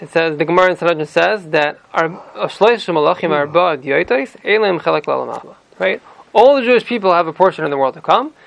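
A Torah teacher with a high-pitched, creaky, slightly bright voice reads scripture verses in Ashkenazi-accented Hebrew, then retells them in plain English for a student. The recording is dry and the audio is poor.

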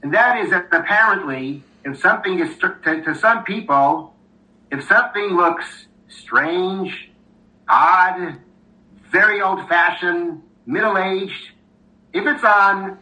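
A man teaching a Torah class in a very bright, fairly high voice. He talks thoughtfully, with plenty of fillers and restarts as he works through a text. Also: poor audio. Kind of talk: Torah class with a read-aloud story.

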